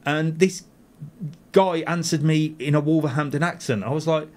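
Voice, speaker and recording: Reading viewer comments aloud during a casual studio live stream, this travel host in his 40s responds with self-deprecating laughter. He speaks at a moderate pace in a fairly high, darkish voice with fairly even intonation.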